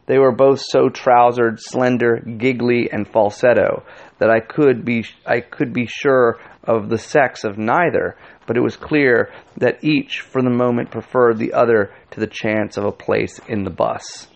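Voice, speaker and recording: A man giving a measured, scripted audiobook narration. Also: medium pitch, steady tone, creaky, dull audio.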